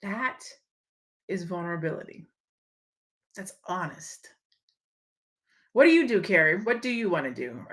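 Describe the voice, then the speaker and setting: A woman's voice: lowish voice, sing-song, measured pace, long pauses, fairly bright tone. A woman hosting a live-streamed motivational talk, speaking candidly and reading viewer comments aloud. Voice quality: slight lisp. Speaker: livestream host and speaker.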